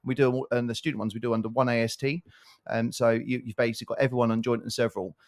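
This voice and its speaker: A man's voice: mid-range voice, flat delivery. A man co-hosting a property podcast, chatting about tenants and past projects with rambling asides. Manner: rapid rambling delivery with asides. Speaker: podcast co-host, property developer. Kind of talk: casual chat.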